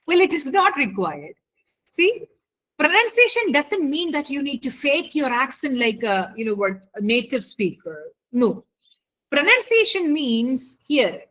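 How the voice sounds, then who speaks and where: A woman's voice: sits high, sharp tone. A woman teaching a live online lesson as a tutor. She coaxes her students and keeps checking whether they follow. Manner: coaxing, keeps checking with the class. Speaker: IELTS speaking tutor. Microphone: video call. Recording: lo-fi online call audio.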